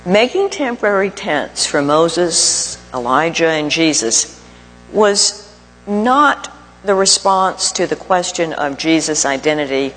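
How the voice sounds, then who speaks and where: A man preaching a sermon, speaking slowly and deliberately with emphatic pauses. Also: on the high side, fairly bright tone. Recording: long reverb of a large hall.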